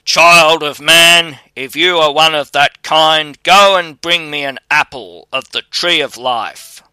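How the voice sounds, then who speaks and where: Man doing a loud, gruff storybook giant. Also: fairly high pitch, slow, dry recording, heavily acted. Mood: grave. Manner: louder, raised voice. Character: huge male giant, gruff and demanding.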